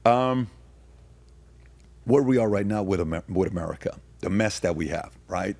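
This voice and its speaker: A man's voice: low-pitched, moderate pace, a little mellow, no echo. A man who is a guest on a podcast, telling stories in casual conversation. He turns emphatic and asks rhetorical questions when he argues. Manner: storytelling, turning emphatic and rhetorical when arguing.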